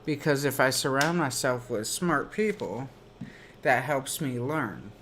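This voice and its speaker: Man, game streamer, casual rambling anecdotes, slow unhurried pace, mid-pitched voice. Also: expressive, a bit bright, slight background noise. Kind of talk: casual chat while gaming.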